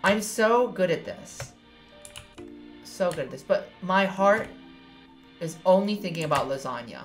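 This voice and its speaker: A woman's voice: fairly low pitch, lively intonation, measured pace, faint music behind. A young woman from New York giving playful, swear-filled commentary while playing a video game. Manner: playful, swears, squeals when jumping. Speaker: gaming streamer. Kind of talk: casual let's-play commentary.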